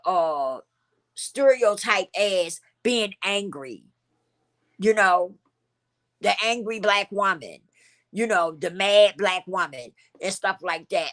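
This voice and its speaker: Bright-voiced emotional woman talking candidly. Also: mid-range voice. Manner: emotional, candid, repeats phrases for emphasis. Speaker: channel host. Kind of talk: heartfelt personal vlog talk.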